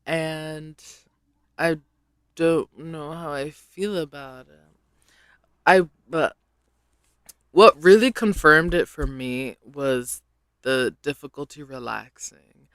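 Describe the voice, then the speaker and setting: A man chats alone into a close mic at an unhurried pace, his voice bright and smooth. He rambles, second-guesses himself and trails off in hesitations. The sound is dry, with no room around it. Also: a little high, no echo. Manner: rambling and self-deprecating, full of hesitations. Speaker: podcast host. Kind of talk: casual solo podcast chat.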